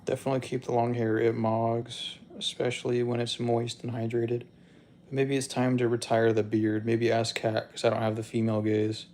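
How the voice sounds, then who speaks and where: A man's voice: medium pitch, normal speed, a little hiss or hum. A man on a livestream, casually chatting and joking as he reads out viewer comments. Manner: relaxed, joking, laughs often.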